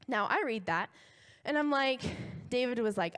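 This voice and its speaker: A woman's voice: a little high, clean tone. Chatty young woman preaching a story. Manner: chatty, animated storytelling with frequent "like" and quick laughs. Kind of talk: casual retelling sermon to a congregation.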